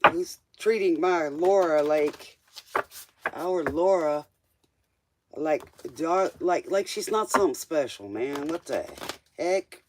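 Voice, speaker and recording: A man's voice: on the high side, expressive, slow pace, a little hiss or hum. A man doing a live-stream tarot reading, casual and joking, talking straight to the viewer in loose, slangy speech. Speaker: tarot reader.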